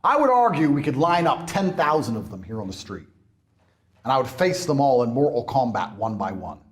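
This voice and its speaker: A man's voice: medium pitch, very animated, fairly quick. A man in a brash, mocking monologue, swearing often. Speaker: internet personality. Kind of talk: ranting monologue.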